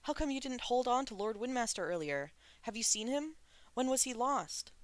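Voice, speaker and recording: A reader voicing a gentle, anxious male crown prince who talks in a soothing, reassuring way. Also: mid-range voice, lively intonation, moderate pace, no room sound, pitched above the performer's own voice, close to an everyday voice.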